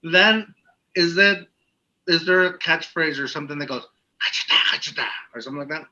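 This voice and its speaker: Bright-voiced man reading fan questions. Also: on the high side, brisk, lo-fi sound. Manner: joking, rambling, reads out listener questions. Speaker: podcast co-host. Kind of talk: casual podcast chat.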